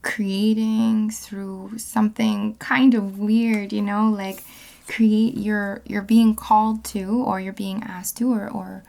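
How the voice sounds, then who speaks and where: Gravelly-voiced woman reading tarot. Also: medium pitch, level tone, takes it slowly, dark tone. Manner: rambling, with many fillers and self-corrections. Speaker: tarot card reader.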